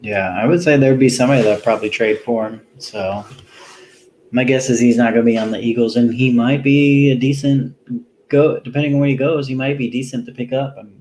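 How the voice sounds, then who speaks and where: A man hosting a solo fantasy football show, talking casually and rambling with plenty of pauses, tired after a long day. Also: medium pitch, fairly even intonation, darkish tone, slight background noise, low-quality recording. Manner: rambling, lots of ums and restarts, easygoing. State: tired, yawning. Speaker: fantasy football podcast host.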